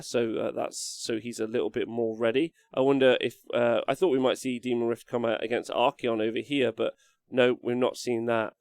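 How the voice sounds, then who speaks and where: Male commentator, relaxed and chatty, dry studio sound. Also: medium pitch, no room sound. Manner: casual, chatty, many fillers. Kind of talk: live tabletop game commentary.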